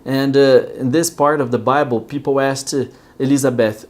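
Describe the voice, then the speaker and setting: A Brazilian-accented man, a native Portuguese speaker, walks learners through Bible stories in simple English. He explains slowly and patiently and keeps checking that the listener follows. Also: mid-range voice, fairly even intonation. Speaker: English teacher.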